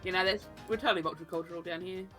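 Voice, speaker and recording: A woman's voice: on the low side, rapid-fire, pushed and bright, faint music behind. A woman playing a tabletop game, casual and laughing, using easy slang. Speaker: player. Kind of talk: tabletop role-play.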